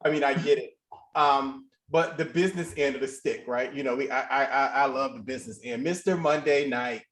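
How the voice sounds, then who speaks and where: Laid-back podcast host in a roomy space. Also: male voice, medium pitch, brisk, fairly bright tone. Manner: laid-back, steers the talk to the next topic. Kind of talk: casual podcast chat.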